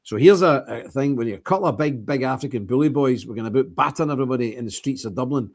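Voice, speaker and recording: A man delivers a livestream monologue in a blunt, emphatic style, hammering his points home by repeating them. His voice sits at an ordinary middle pitch for a man. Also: racing. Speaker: streamer host.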